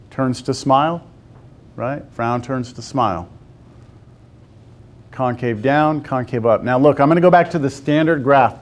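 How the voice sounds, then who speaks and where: A man teaching a calculus lesson to a class. He talks through a graph step by step and keeps pausing to ask the students whether they see it. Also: mid-range voice. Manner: talks to the class, asks lots of check-in questions. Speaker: math teacher.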